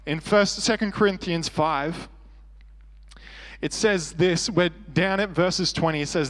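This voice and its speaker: A man's voice: high-pitched, a little slow, fairly bright tone, in a large hall. An Australian man preaching a sermon as pastor, earnest and conversational with self-deprecating humor.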